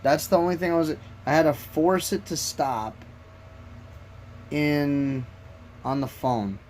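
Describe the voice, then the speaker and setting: Fiddling with his phone's streaming app settings, a man mutters in frustration to himself and his chat. He speaks slowly in a highish, darkish voice, with slight background noise.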